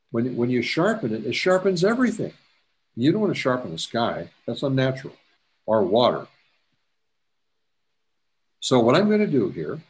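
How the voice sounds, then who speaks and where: Chatty man with a lively pitch. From Canada. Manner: chatty, repeats himself, jokey asides. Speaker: photography instructor. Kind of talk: step-by-step tutorial. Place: presentation to a camera club.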